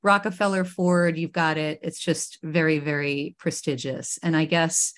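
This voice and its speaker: A woman's voice: deep voice, fairly even intonation, normal speed, a bit bright. A woman from Queens hosting a live online talk show over a video call, enthusiastic and effusive, often restarting her words. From Queens, New York. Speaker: host.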